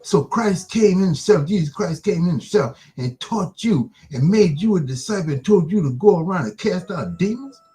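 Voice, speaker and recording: A man hosting an online broadcast, delivering an impassioned religious monologue with rapid-fire rhetorical questions that taunt the listener. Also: sits high, animated, mellow.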